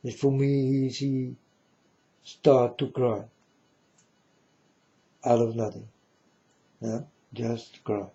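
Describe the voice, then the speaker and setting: A man's voice: medium pitch, fairly even intonation, extremely slow, pauses often, dark tone, muffled recording. A man giving a preachy monologue in broken, non-native English, emphatic and repetitive, often asking if the listener understands. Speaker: speaker addressing viewers.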